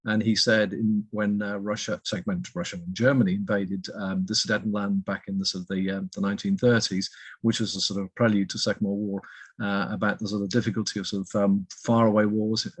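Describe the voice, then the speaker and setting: Husky-voiced man, hesitant expert. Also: on the low side, flat delivery, fairly quick, no echo. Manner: hesitant, heavy use of fillers like "sort of". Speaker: guest expert, economist. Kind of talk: interview answer.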